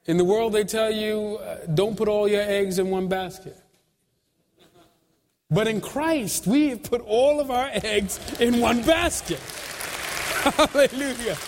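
A man preaching a sermon, speaking in slow, broken phrases with dramatic pauses, swinging between quiet prayer and shouted peaks, with frequent conversational asides to the congregation. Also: high-pitched, some chatter behind, a little hiss or hum. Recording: long hall reverb.

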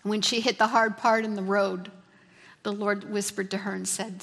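A woman's voice: medium pitch, little pitch movement, normal speed, vocal fry, a bit bright. A woman preaching a fervent sermon, repeating key phrases for emphasis. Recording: long reverb of a large hall.

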